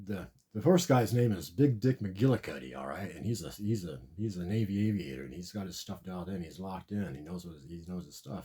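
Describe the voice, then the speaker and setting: A man with a low, dark, mellow voice spins a long comic tale about a dream. He rambles, repeats himself and restarts sentences as he goes. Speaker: storyteller recounting a dream.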